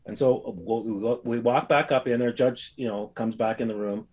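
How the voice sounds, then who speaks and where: A man casually recounting a personal experience, telling it as a rambling, animated story with frequent fillers. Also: medium pitch, normal speed, hardly any pauses. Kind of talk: casual anecdote.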